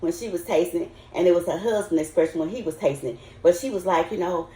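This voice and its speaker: Fast and nearly pause-free, her fairly low voice has a dark tone. An older Southern home cook, she talks casually and folksily to her viewers while cooking, in a spacious kitchen with plenty of echo.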